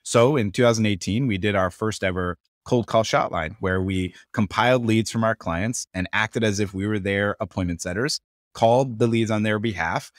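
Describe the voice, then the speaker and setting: A man guest from Florida on a podcast interview, telling a story in an upbeat, animated way. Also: on the low side, moderate pace, dry recording, studio quality. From Tampa Bay, Florida. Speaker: guest entrepreneur.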